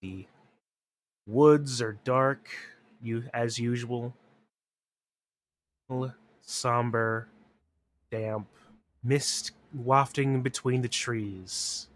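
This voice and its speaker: A man narrating a tabletop game as game master, describing scenes in a slow, measured way. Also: mid-range voice, fairly even intonation.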